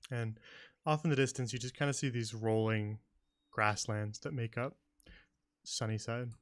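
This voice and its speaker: A man narrating a tabletop game as game master in a relaxed, hesitant way. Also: mid-range voice, normal speed, no room sound, studio quality. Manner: relaxed, hesitant with many "uh" and "kinda".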